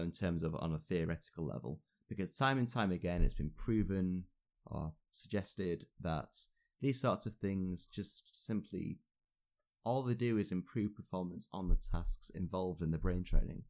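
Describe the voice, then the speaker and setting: A man's voice: sits low, darkish tone. A young man, a university student, chatting casually and rambling a little with fillers. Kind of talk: casual podcast chat.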